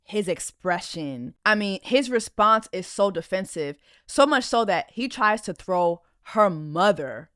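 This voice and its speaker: A woman's voice: mid-range voice, animated, unhurried, hardly any pauses, a bit bright, no echo, clean studio sound. A woman podcast host giving blunt, indignant reaction commentary on a reality show clip in a casual, conversational way.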